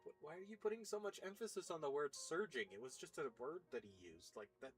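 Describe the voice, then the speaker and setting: A man's voice: a little high, sing-song, brisk, a bit bright, faint music behind, low-quality recording. A man reading game dialogue aloud and joking about it, with a mild stutter that trips him over words. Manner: wry, joking, often laughs and interrupts himself. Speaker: gaming video creator.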